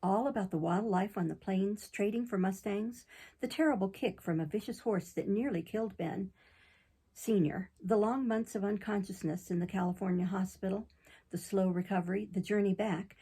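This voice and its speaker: Gravelly-voiced woman reading an audiobook. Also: medium pitch, low-quality recording. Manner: steady storytelling reading. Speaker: audiobook narrator. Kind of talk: audiobook narration.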